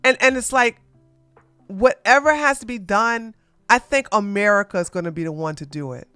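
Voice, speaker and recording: Streamer commentator, animated, talks back to chat, smooth close voice, faint music behind. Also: medium pitch, normal speed, dry recording. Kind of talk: live stream drama commentary.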